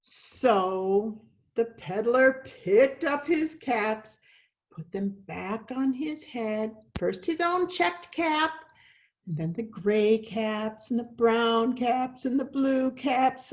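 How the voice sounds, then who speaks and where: A woman's voice: high-pitched, slow. A woman, an actress and teaching artist, leading a theatrical children's storytime and talking straight to young listeners, sometimes dropping to a whisper. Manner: animated, talks to young listeners, drops to whispers.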